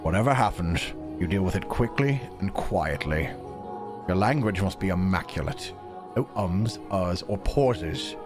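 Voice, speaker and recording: Man putting on a stern old British gentleman, gruff, clipped, scolding, voice pitched lower, game music behind. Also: lively intonation, unhurried. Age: older.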